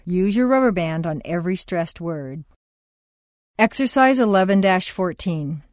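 A woman's voice: mid-range voice, darkish tone, no room sound, clean studio sound. Woman reading course instructions. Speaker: pronunciation instructor.

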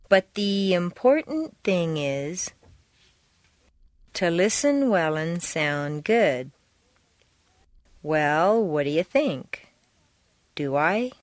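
A woman reading pronunciation drills slowly, drawing out and linking her words for learners to repeat. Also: on the low side, dry recording. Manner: drawn-out, deliberately linked words. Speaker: pronunciation instructor. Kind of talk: slow, exaggerated drill reading.

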